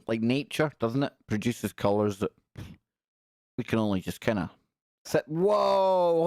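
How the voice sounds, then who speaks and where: This man's mid-range voice is a little mellow, heard in clean studio sound with no echo as he hosts a live stream. He reacts aloud to pictures, chatting casually and joking with quips.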